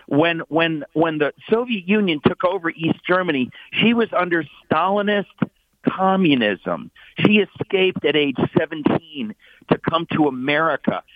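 A man in his sixties, a guest talking with forceful, mocking scorn. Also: a little high, lively intonation, measured pace, dry recording. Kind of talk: emphatic opinion talk. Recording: tinny phone line.

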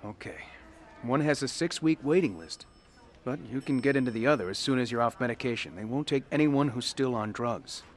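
An actor plays a steady, patient counselor speaking to an addicted man. He talks in a calm, reasoning way and gently urges faith, as in a radio play. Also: mid-range voice, brisk, crowd noise, close to an everyday voice. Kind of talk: radio drama acting.

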